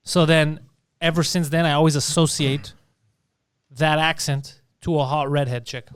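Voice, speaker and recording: High-voiced man bantering. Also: clean tone, dry recording. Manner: animated, talks over others, does quick silly impressions. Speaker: podcast co-host. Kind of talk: crude casual banter.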